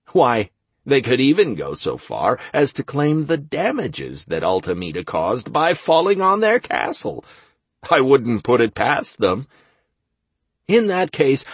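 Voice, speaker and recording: Husky, slow, expressive male narrator. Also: lowish voice, no echo. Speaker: audiobook narrator. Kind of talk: first-person fantasy audiobook narration.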